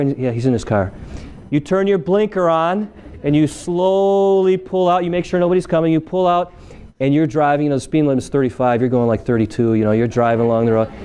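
A man giving a conversational sermon, often checking in with the audience with "right?". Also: mellow. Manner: acts out a traffic stop in a lower voice. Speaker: preacher. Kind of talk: sermon with illustration. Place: church meeting room.

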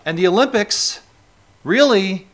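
A man's voice: high voice, lively intonation, unhurried, a bit bright. A man from New York State preaching a sermon, talking conversationally and asking the congregation rhetorical questions. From New York State, USA. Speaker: pastor.

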